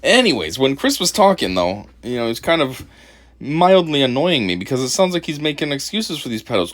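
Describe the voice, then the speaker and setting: A man's voice: medium pitch, big pitch swings, a little fast, a bit bright. A man hosting a casual video commentary, mocking and profane, laughing often. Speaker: commentary channel host.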